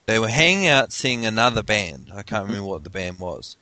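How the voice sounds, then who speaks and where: A man's voice: on the low side, sing-song, bright, forceful tone, no echo. A man telling a long casual anecdote, acting out the quotes as he goes. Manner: drawn-out storyteller who acts out quotes.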